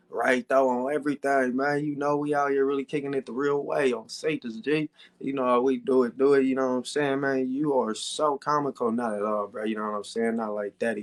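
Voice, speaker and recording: A man hosting a casual livestream, answering viewer comments in a laid-back, slangy way with lots of filler questions to his audience. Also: fairly low pitch. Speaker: livestream host.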